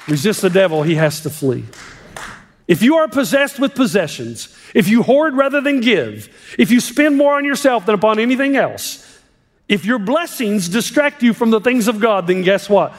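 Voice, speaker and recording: A man preaching a sermon as a pastor, impassioned, swinging between hushed and emphatic delivery. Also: sits high, big pitch swings, normal speed. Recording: long reverb of a large hall.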